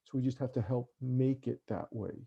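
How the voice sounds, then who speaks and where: A man's voice: medium pitch, a little fast, gravelly, breathy edge. A middle-aged man speaking earnestly to parents in an online talk, often checking in with "right?". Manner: earnest, tags sentences with "right?". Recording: dull lo-fi online call audio.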